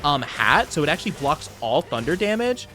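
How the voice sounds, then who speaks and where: A man's voice: fairly high pitch, very animated, normal speed, sharp tone, faint music behind. A man voicing a monster as a smug, bratty playground kid who whines that nothing can hurt him. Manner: whiny know-it-all, nasal "nuh-uh" drawl.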